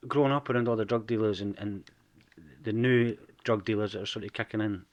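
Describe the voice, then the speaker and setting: Scottish man, forties, Edinburgh accent, lowish, candid guest storyteller. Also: fairly even intonation, fairly quick, highs cut off. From Scotland. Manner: frank storytelling, swears freely. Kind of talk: casual podcast interview.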